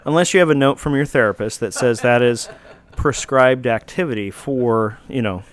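A man's voice: mid-range voice, normal speed. Dry joking male talk-show host. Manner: dry, joking, reads out rules mockingly. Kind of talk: casual talk show banter.

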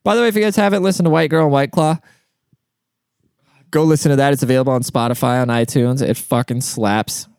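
Male podcast host, loose profane storytelling, smooth clear tone, close and dry. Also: medium pitch, quick pace, darkish tone, no room sound. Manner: rambling, profane, with frequent fillers and asides. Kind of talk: casual monologue. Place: outdoors.

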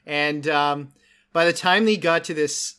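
Animated storytelling man, fairly high voice. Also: a little slow, clear, resonant tone. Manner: animated, lots of "like" fillers. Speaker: podcast host and game master. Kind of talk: casual storytelling chat.

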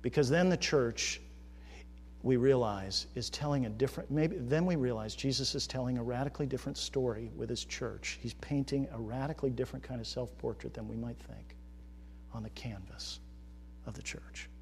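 A man preaching a sermon as pastor, moving between quiet reflection and loud, emphatic rhetorical questions. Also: medium pitch, moderate pace, a little hiss or hum. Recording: reverberant hall.

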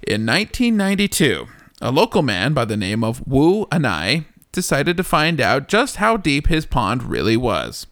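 Male podcast host, animated storyteller, jokey and profane. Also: medium pitch, no echo, clean studio sound. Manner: jokey, swears, laughs a lot. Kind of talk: casual chat and story narration.

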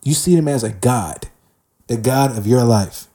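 A man's voice: mid-range voice, a little slow, warm tone. A young man giving a candid spoken testimony about his faith, in street slang, often restarting and calling the listener man or bruh. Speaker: Christian speaker sharing testimony.

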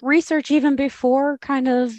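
A woman's voice: high voice, fairly even intonation, darkish tone, dry recording. Upbeat woman hosting a podcast. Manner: quick, upbeat questioning with laughs. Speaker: podcast host. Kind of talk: interview questions.

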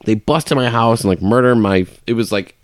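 A man's voice: mid-range voice, a little fast, no room sound, clean studio sound. Profane, laid-back guy telling stories. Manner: laid-back, profane, bursts into loud excited storytelling. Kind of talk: crude casual chat among friends.

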